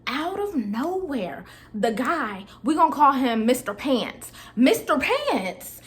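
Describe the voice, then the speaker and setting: A woman's voice: high-pitched, big pitch swings, slow. A young woman vlogger telling a casual storytime, chatty and slangy, talking straight to her viewers.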